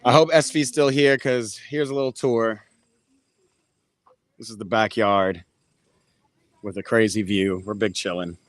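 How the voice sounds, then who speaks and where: A man's voice: fairly low pitch, fairly even intonation, a little slow, long pauses, no room sound. Chatty man hosting a football watch party. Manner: loose and chatty, swears, talks to viewers. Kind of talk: casual live-stream chat. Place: backyard, later indoors.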